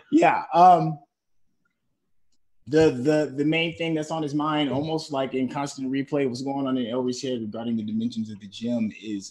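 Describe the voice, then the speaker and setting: Man, tabletop player, very slow, thoughtful, halting, middle pitch. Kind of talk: describing his character at a tabletop game.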